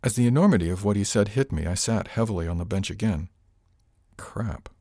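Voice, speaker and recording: A man narrating a first-person audiobook with a low, steady voice. His delivery is measured and even, recorded close on a studio mic in a dry, dead room. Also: dry recording.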